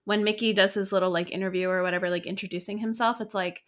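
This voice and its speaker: A young adult woman co-hosting a podcast, recapping a sitcom in casual chat full of "like" and quick laughs. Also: medium pitch, steady tone, a bit bright. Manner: chatty, lots of "like", quick laughs. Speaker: podcast co-host.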